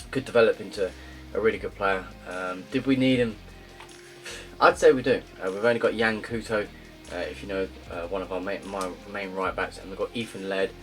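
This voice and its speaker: Low-voiced young man rambling over gameplay. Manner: rambling, many ums and uhs, loud upbeat greetings. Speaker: gaming YouTuber. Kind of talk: casual gameplay commentary. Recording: faint guitar music behind.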